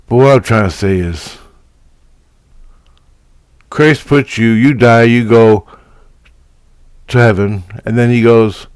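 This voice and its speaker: A man's voice: medium pitch, takes it slowly, long pauses, clear, resonant tone, dry recording. A man talking in a casual spiritual vlog monologue, ranting profanely and in frustration.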